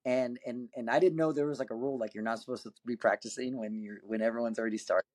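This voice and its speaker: A man's voice: medium pitch, fast. A man on a podcast telling a story in a casual, rambling way, full of fillers and restarts, acting out other people's lines. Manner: lively, acts out quoted voices. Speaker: podcast guest, competitive axe thrower.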